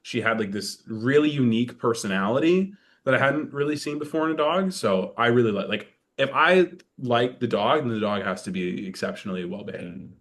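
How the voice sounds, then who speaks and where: A man's voice: medium pitch, a little fast, few pauses. A man guesting on a podcast, joking and talking casually with lots of fillers. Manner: joking, animated, filler-heavy. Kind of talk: casual conversation.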